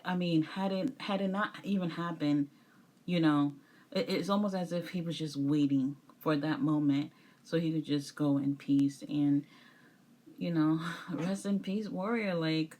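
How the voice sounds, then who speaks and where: A woman's voice: sits low, darkish tone. A young woman casually reviewing wrestling documentaries, rambling with lots of fillers and restarts.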